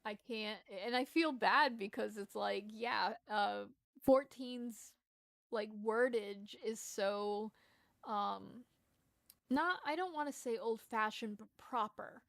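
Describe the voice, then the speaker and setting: Slow and gravelly, with a fairly high, somewhat bright voice, this Rhode Island woman chats casually during a game stream. Her Rhode Island accent blends with Southern tones and a lisp, and she rambles, puts herself down, and restarts a lot; the studio audio is clean with no echo.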